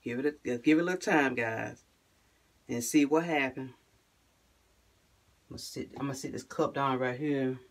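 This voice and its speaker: A woman vlogging casually to camera. She talks in short, restarted phrases and drops to a low, quiet "guys" or "y'all" at the end of most lines. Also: normal speed, long pauses. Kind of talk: casual vlog talk to camera.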